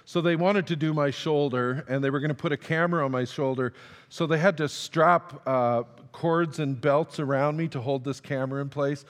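A man's voice: a little high, fairly even intonation, moderate pace. A man preaching a sermon, telling a personal story in a conversational, self-deprecating way and acting out the dialogue. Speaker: pastor. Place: church sanctuary. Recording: long reverb of a large hall.

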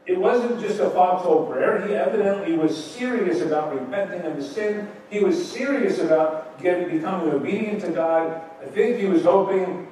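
A man preaching in a church, his slightly high voice carried across a very echoey room. He sounds a little distant from the mic, with faint background noise behind him. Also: normal speed, hardly any pauses, a little mellow. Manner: conversational, rhetorical questions, acts out quotes. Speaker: pastor. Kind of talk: evening sermon, Bible teaching.

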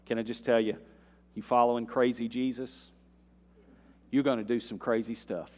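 A man's voice: medium pitch, level tone, moderate pace, long pauses, darkish tone. Preacher man in a reverberant hall. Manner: preaching with rising bursts of intensity and folksy asides. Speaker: pastor. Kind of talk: sermon. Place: church sanctuary. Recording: long reverb of a church hall.

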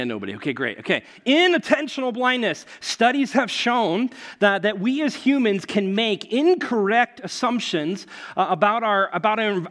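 Pastor, young man, a touch higher than usual, chatty storytelling sermon with loose fillers. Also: a bit bright. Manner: casual, storytelling, many fillers, laughs at own stories.

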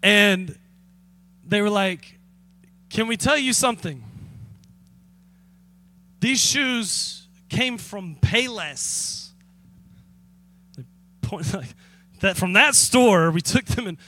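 A man's voice: high voice, expressive, takes it slowly, pauses often, sharp tone. A man preaching a sermon as pastor, telling a story with chuckles and asides to the congregation.

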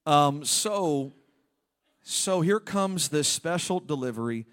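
A man's voice: medium pitch, slow pace. A male pastor preaching a humorous sermon in a church, with playful joking asides to the congregation.

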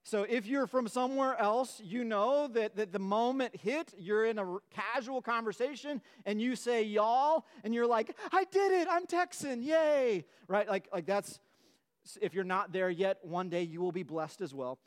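A pastor with a notably high voice delivers a sermon in a church. He presses his points with emphatic repetition, restarting phrases, and his voice climbs as his fervor builds. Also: normal speed, clear, resonant tone. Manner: emphatic, repeats words and restarts, voice rising with fervor. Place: church sanctuary.

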